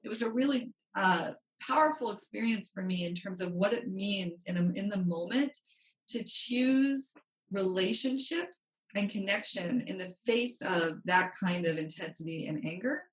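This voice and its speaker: In a roomy recording made far from the microphone, a woman money coach shares a story as a podcast guest. She talks at normal speed with medium pitch, animatedly performing the quotes.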